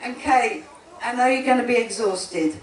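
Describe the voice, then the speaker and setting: A woman's voice: on the high side, animated, normal speed, a crowd in the background. A woman, the twin sister of one bride, giving a chatty wedding speech, laughing often and breaking off mid-sentence. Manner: chatty, laughing, self-interrupting. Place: wedding gathering indoors. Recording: echoey room, speaker far from the mic.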